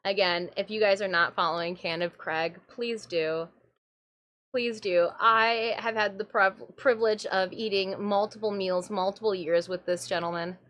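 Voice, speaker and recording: A woman from Michigan chatting casually on a live stream, an excitable storyteller who keeps breaking into laughter. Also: medium pitch, normal speed, few pauses. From Michigan, USA. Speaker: streamer and cosplayer.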